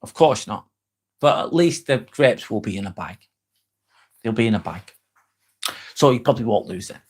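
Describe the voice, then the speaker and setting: A man's voice: lowish voice, expressive, moderate pace, a little mellow, slightly rough. Chatty man reading live comments. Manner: chatty, swears freely, answers viewers by name. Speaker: live-stream host. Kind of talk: casual live-stream chat reading comments.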